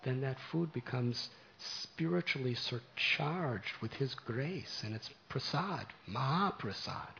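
A man preaching, telling a devotional story to a congregation with gentle, animated delivery. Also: medium pitch, takes it slowly, vocal fry, hardly any pauses, dull audio, slight background noise.

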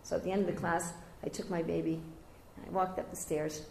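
An older woman giving a devotional scripture class, telling stories lively and raising her voice high whenever she quotes others. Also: a little fast, gravelly, a little hiss or hum. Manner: animated storyteller, jumping high when quoting others. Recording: roomy echoey room.

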